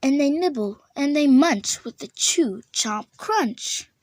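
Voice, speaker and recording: Slow, expressive woman reading a storybook. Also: high-pitched, no echo. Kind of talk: storybook read-aloud.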